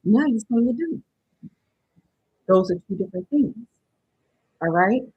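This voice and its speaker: In her live-stream motivational workshop, the woman speaks a little slowly with lively intonation in a husky, mid-range voice. She talks casually to her viewers, regularly asking "right?" to check they follow. The recording has no echo but sounds dull.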